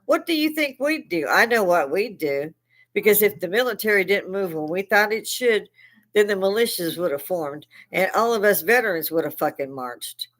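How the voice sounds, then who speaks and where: An older woman hosting a live stream, delivering a heated, profane political rant that keeps rising into shouting. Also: medium pitch, animated, normal speed. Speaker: livestream host. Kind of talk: veteran speaking.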